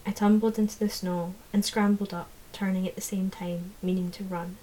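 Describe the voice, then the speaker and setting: Woman reading a fantasy novel aloud, calm and measured, warm dark tone, pretty level pitch. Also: low-quality recording. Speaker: audiobook narrator. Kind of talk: scripted first-person narration.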